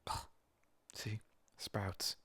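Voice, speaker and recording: A man's voice: extremely slow, bright, forceful tone, no echo. A man voicing a blunt, chatty young schoolboy wizard in a whispered role-play, talking offhandedly. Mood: offhand.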